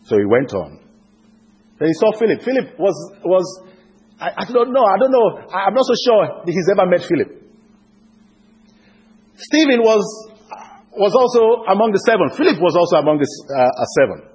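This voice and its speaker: A man preaching a sermon, swinging from loud emphatic declarations to hushed, intimate appeals. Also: sits high, very animated, normal speed, long pauses, slightly rough.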